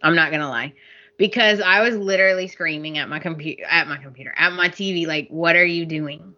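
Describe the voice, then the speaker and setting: A woman's voice: low voice, fast talker, pushed and bright, dull audio. A woman co-hosting a podcast, chatting casually and getting exasperated, laughing often. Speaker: podcast co-host. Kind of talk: casual chat recapping a soap opera.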